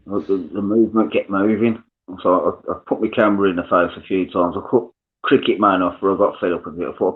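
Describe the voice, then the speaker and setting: A man chatting excitedly on a live panel, restarting his sentences and swearing. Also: sits low, fast talker. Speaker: panel guest. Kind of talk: casual live panel chat. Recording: tinny phone-line audio.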